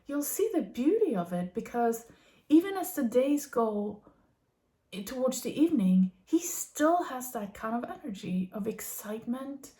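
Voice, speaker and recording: A woman in her thirties or forties muses in a gentle, earnest tone, pitched somewhat high. She drifts through fillers and soft laughs as she reflects. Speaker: vlogger. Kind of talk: reflective spiritual musing.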